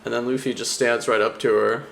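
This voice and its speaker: A man's voice: mid-range voice, little pitch movement, fairly quick, gravelly, fairly bright tone, slight background noise. A young man chatting casually about a comic, rambling with lots of fillers and frequent laughter. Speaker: anime vlogger. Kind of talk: casual chat.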